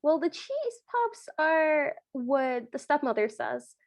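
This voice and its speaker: Podcast co-host, female, fairly high voice, casual chatty asides. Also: sing-song, slow pace, dry recording. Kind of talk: casual recap chat.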